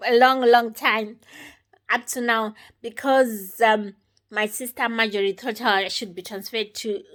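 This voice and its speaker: A woman with a somewhat high voice shares her personal testimony. She speaks unscripted and halting, going through events one step at a time. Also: fairly bright tone.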